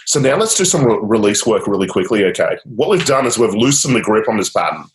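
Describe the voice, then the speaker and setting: A man's voice: lowish voice, very animated, quick pace, slight background noise. A man guiding a client through a coaching session, upbeat and encouraging, with casual fillers. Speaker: change coach. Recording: roomy echo.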